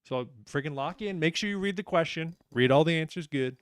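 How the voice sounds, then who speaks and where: A man's voice: fairly high pitch, a little fast, clean tone, no echo, studio quality. A man hosting a live trivia night, upbeat and joking, reading out questions and answers and teasing the players. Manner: upbeat, joking, self-deprecating.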